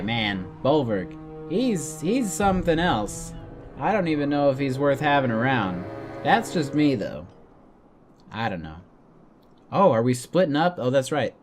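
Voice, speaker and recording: A man commenting on a story game while he plays, reading its text aloud and reacting with excitement. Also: mid-range voice. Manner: excitable reactions, laughs at himself. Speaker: let's play gamer.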